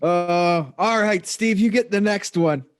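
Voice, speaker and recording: A man's voice: sits high, takes it slowly. A man hosting a podcast over a video call, running a quiz in a playful, mock-formal way. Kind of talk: casual chat.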